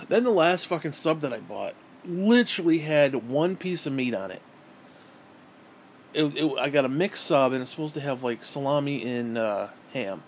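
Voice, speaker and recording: A man's voice: on the high side, slight background noise. A middle-aged man ranting casually to his viewers, frustrated and swearing, rambling with frequent restarts. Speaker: vlogger. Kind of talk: casual rant to camera. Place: home.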